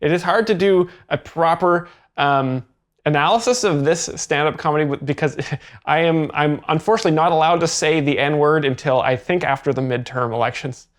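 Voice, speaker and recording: A man giving deadpan mock expert commentary on a comedy set, halting and restarting his sentences. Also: on the high side, background noise. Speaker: comedy show host.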